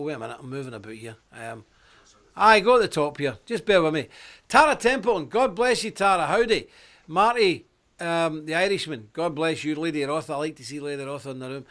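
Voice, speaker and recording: A talkative man with a broad Ulster accent runs a live stream, joking and calling out to his viewers one by one. His voice sits a touch high for a man, and he keeps the patter casual and warm-humoured. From Northern Ireland. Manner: chatty, jokey, greeting viewers by name. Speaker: host. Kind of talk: casual livestream chat.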